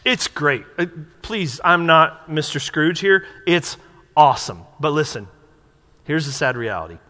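A man's voice: a little high, expressive, unhurried, sharp tone. A man preaching a sermon as pastor, conversational and asking the congregation questions from the pulpit. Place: church sanctuary. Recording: long hall reverb.

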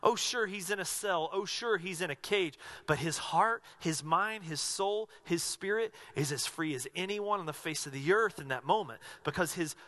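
A male pastor preaching a sermon, earnestly asking his congregation question after question and dropping to a hushed voice when he voices a prayer. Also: high voice, moderate pace, hardly any pauses.

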